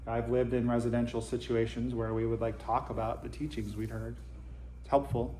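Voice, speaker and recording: A man's voice: medium pitch, flat delivery, brisk, mellow, a little hiss or hum. A man giving an informal Zen Dharma talk to his group, conversational with dry self-deprecating humor. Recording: roomy echo.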